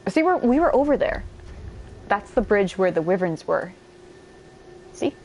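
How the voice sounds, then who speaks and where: A woman giving casual, chatty let's-play commentary while she plays, excitable and quick to swear. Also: medium pitch, a little hiss or hum. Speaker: gameplay streamer.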